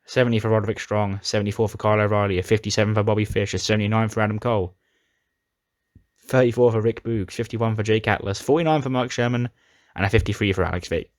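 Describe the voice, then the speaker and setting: Low-voiced man recapping a wrestling sim. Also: fairly even intonation, fast, no echo, clean studio sound. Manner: chatty, dramatic retelling of storylines. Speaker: gaming YouTuber.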